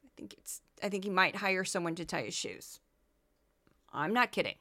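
A woman's voice: lowish voice, lively intonation, normal speed, sharp tone. A woman from the American Midwest hosting a commentary podcast, talking in a sarcastic, mocking way. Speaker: podcast host.

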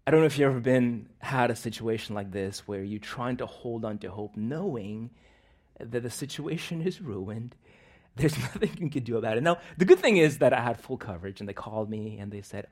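A man preaching in a church, opening in prayer and then telling a personal story with frequent laughs, swinging between loud bursts and quiet asides. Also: mid-range voice, animated, normal speed.

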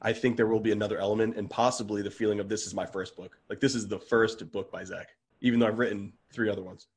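A man's voice: fairly low pitch, fairly even intonation, fast talker, husky. A man talking as a podcast guest in casual conversation, earnest and open, often restarting his sentences and getting worked up as he goes.

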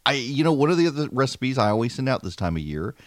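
A man, hosting a talk radio show in an animated, wry way with frequent fillers. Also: mid-range voice, fast talker, dry recording, clean studio sound. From Louisiana. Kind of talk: opinionated talk radio monologue.

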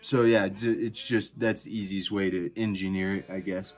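A man's voice: low voice, fairly even intonation, normal speed, a little mellow. Rambling, profane storytelling man. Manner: rambling, profane, many fillers. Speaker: podcast host. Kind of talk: casual storytelling.

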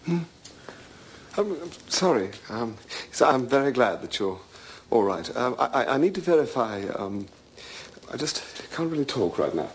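A man's voice: mid-range voice, sing-song, slight background noise, natural voice. An actor playing a flustered, stuffy male librarian who stammers and halts, in a TV drama. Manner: stammering, halting. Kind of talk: TV drama acting.

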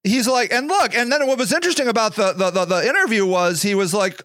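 A man with a high, bright voice rants through a solo podcast monologue. He is sarcastic and profane, dropping into mocking voices, and his voice sounds dry and close. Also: fast talker, hardly any pauses, no room sound. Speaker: podcast host. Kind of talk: opinionated monologue.

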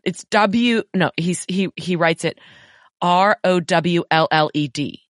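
A wry, blunt woman co-hosting a podcast and reading listener letters aloud with her own asides. Her voice sits on the low side. The sound is dry and close to the mic. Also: slow pace, no room sound. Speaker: podcast co-host.

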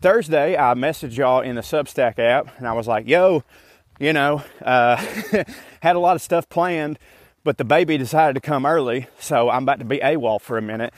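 A man's voice: mid-range voice, moderate pace, no room sound. A man, out of breath as he walks and talks into his phone, giving a chatty, joking update to his podcast listeners. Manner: chatty, laid-back, joking. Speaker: podcast host. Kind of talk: casual walking update. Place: outdoors on a walk. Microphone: phone mic instead of usual microphone.

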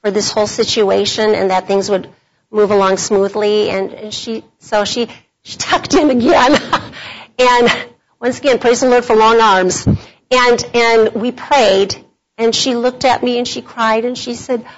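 A middle-aged woman gives a devotional talk to women, her voice a little high. She tells stories in a chatty way and laughs often. The conference recording sounds dull and lo-fi. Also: steady tone, measured pace. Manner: storytelling, warm and chatty with laughs. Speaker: workshop speaker. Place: meeting room at a conference.

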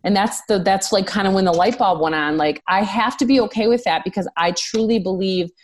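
A woman's voice: mid-range voice, a little fast. A woman as a podcast guest, telling personal stories in an earnest, candid, emotional way with casual swearing. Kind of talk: personal storytelling in an interview.

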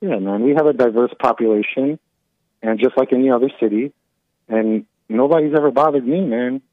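A man's voice: medium pitch, a little fast, no echo. A man in his forties from upstate New York, calling in and rambling, needling the host and repeating himself. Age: 40s. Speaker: caller. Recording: tinny phone line.

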